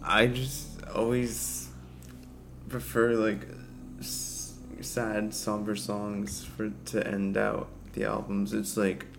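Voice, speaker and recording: A man's voice: fairly low pitch, flat delivery, slow, gravelly, music in the background. A man co-hosting a podcast in casual chat, laid-back and rambling, often laughing. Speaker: podcast co-host. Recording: faint background noise.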